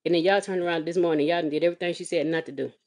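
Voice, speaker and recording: Woman, mother, comedic vlog rant, sassy, exasperated, animated, big pitch swings. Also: rapid-fire. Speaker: mother of a kindergartner. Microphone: phone or webcam vlog.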